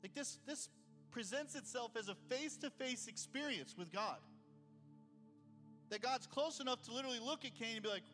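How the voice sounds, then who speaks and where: A man's voice: extremely high pitch, lively intonation, a little fast, bright, forceful tone, big-room sound, faint music behind. A male pastor preaching a conversational sermon and reading scripture aloud, heard in a church sanctuary.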